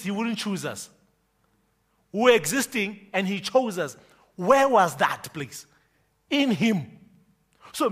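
Animated high-voiced male preacher. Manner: emphatic, quizzing the congregation with repeated questions. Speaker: pastor. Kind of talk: sermon.

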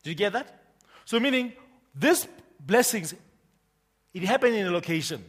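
A man pastor preaching a sermon, emphatic and forceful, constantly quizzing the congregation with repeated questions. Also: high-pitched, animated, normal speed, slightly rough.

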